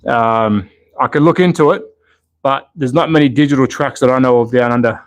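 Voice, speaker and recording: A man's voice: medium pitch, brisk, dry recording, highs cut off. An Australian man hosting a casual live stream, chatting, thinking aloud and answering viewers' chat. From Australia, Melbourne. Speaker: slot car channel host.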